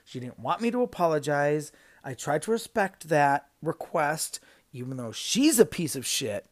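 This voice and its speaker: A man's voice: fairly high pitch, sing-song, moderate pace. A young man on a casual podcast, retelling a work story in a heated, swearing rant with emphatic outbursts. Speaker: podcast guest recounting a job story.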